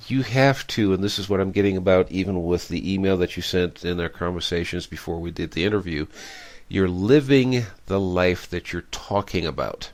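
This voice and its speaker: A man's voice: low-pitched, normal speed. A middle-aged man hosting a radio interview, rambling and reflective, telling stories with many fillers. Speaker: radio show host.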